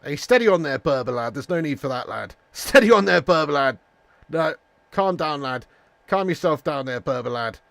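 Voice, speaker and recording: A man hosting a live football watch-along, excitable and sweary, laughing as he reads out viewer messages. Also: fairly high pitch, normal speed, gravelly, no echo. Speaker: livestream host.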